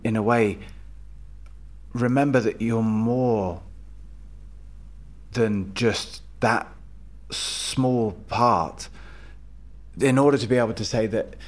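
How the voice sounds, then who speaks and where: A man's voice: medium pitch, unhurried, long pauses. A man hosting an interview talks thoughtfully, searching for his words and correcting himself as he goes. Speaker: podcast host. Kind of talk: conversational interview.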